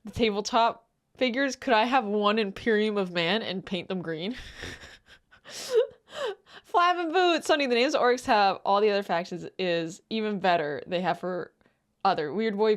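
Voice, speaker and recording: A woman streaming a casual reaction, excitable and quick to laugh and swear. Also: medium pitch.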